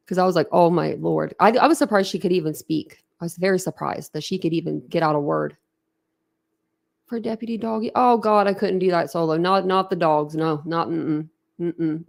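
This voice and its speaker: This young woman runs a true crime channel and chats loosely with her livestream audience, reacting to their comments. She's emotional and talkative, laughs a lot, and often trails off before starting her sentences over. Her voice sits on the low side with a creaky quality.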